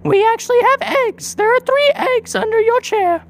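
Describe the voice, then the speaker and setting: A man voicing an alien creature in a squeaky, matter-of-fact manner. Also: normal speed. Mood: explaining.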